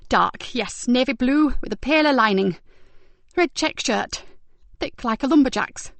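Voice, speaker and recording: A woman's voice: high-pitched, expressive, measured pace, no room sound, pitched above the performer's own voice. A woman voicing a frightened, injured young woman giving a witness statement in an audiobook, her speech shaken and tense. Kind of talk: audiobook character voice.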